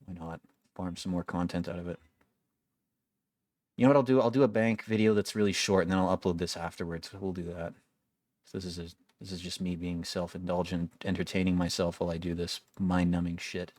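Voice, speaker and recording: A man's voice: low-pitched, level tone, fairly quick, darkish tone, dry recording. A young man giving casual gameplay commentary, wry and complaining, swearing freely as he plays. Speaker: gaming video creator.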